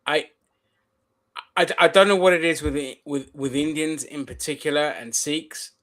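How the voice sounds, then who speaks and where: A man's voice: fairly high pitch, a little slow, a bit bright. A man hosting a casual podcast chat, talking animatedly and swearing, explaining things at length. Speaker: podcast host.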